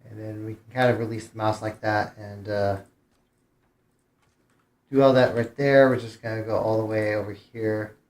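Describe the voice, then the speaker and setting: A man's voice: lowish voice, steady tone, moderate pace, pauses often, a little mellow, roomy sound. A man streamer giving casual gameplay commentary, thinking aloud with hesitant restarts. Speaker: game streamer.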